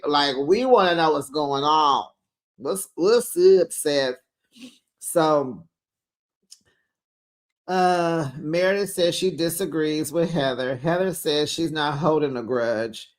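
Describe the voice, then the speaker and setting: Chatty man with a higher voice. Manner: chatty, gossipy, acts out quotes with sass. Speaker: host. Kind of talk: casual reality TV recap commentary.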